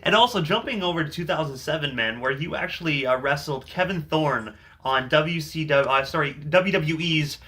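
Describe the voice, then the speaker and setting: A man's voice: on the high side, moderate pace, few pauses, bright, forceful tone. A male radio host, asking questions in a chatty, casual way. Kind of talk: casual interview.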